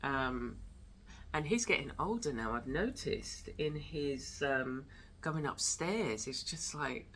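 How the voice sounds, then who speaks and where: A woman's voice: low voice, big pitch swings, takes it slowly, a bit bright, slight background noise. Chatty woman rambling on a walk. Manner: rambling, chatty, with many fillers and trailing thoughts. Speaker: host of an arts and wellness channel. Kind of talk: casual vlog chat. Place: home studio, then out into the garden.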